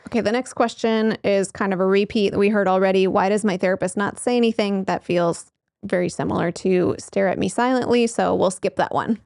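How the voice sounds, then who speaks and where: A woman's voice: medium pitch, vocal fry, a little mellow, no echo. Woman, 30s, therapist, casual explainer, laughs often, dry close sound. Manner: chatty, laughs often, many fillers. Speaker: therapist and show host. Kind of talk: casual explanatory talk to camera.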